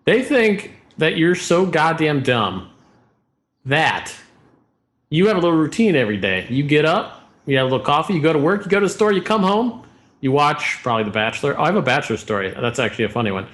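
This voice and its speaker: A man co-hosting a movie podcast, sarcastic and quick to laugh. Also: a little high, big pitch swings, a bit bright. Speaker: podcast co-host. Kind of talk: casual podcast chat.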